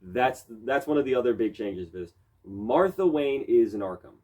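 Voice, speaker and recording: Male host, casual and profane, middle pitch, slips into character bits. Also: lively intonation, normal speed, dark tone, dull audio. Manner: loose and profane, acts out character lines. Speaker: podcast host. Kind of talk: casual chat.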